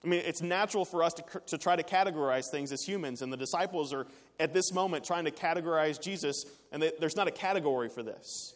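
A man preaching a sermon in an earnest way, rising to emphatic peaks and dropping quiet again. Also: a little high, fast, hardly any pauses. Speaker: pastor. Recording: long reverb of a large hall.

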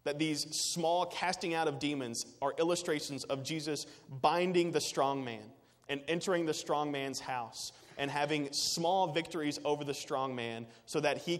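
A man's voice: a little high, long reverb tail. A man preaching a sermon as pastor, earnest and emphatic, with repetitive phrasing.

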